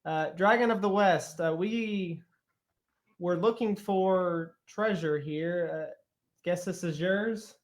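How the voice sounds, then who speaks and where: A man's voice: sits high, takes it slowly. A man voicing a cautious male spellcaster who speaks hesitantly and politely. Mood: wary, polite.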